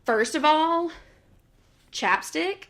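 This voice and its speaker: A woman's voice: high voice, extremely slow. Bubbly young woman podcast co-host. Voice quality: animated, laughs often, quotes herself in voices. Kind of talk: casual chat.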